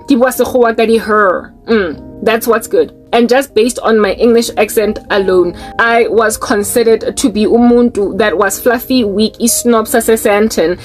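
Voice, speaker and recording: South African woman vlogger, slightly high pitch, emphatic and outspoken, faint music underneath. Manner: emphatic and outspoken, with heavy repetition. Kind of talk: personal commentary vlog.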